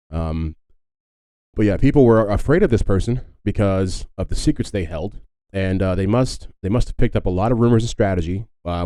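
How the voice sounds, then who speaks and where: Guy rambling thru a history podcast, low voice, lots of ums, dead dry room. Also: mellow, smooth, dry recording. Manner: rambling, chatty, lots of fillers and asides. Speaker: podcast host. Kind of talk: casual solo history podcast.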